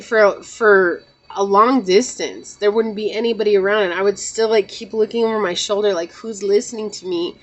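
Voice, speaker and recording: A woman's voice: mid-range voice, rough recording. A woman host talking earnestly and emotionally to her viewers, near tears at times, repeating phrases and often saying "you know". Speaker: tarot channel host. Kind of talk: personal heartfelt talk to viewers.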